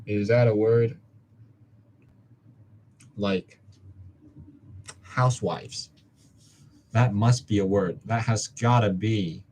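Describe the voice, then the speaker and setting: A man's voice: on the low side, fairly even intonation, takes it slowly, long pauses, a little mellow, a little hiss or hum. A young man from Hong Kong, a student vlogger, muttering and joking to himself as he studies. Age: young adult. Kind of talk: study-with-me self-talk.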